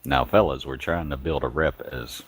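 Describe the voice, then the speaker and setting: A man with an extremely deep voice talks casually as a player at a tabletop game. He sounds easygoing and urges caution. The sound is dry and close. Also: moderate pace, breathy edge, dry recording.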